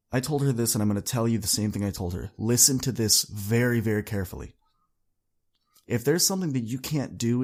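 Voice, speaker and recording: A man's voice: medium pitch, a little mellow. A young adult man hosting a podcast, delivering an earnest, upbeat motivational monologue that speaks straight to his listeners. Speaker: podcast host.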